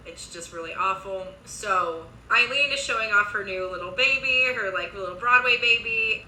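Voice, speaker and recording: A young woman casually recapping a TV series, chatty, with quick asides and lots of filler words. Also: fairly low pitch, pushed and bright, echoey room, slight background noise, rough recording.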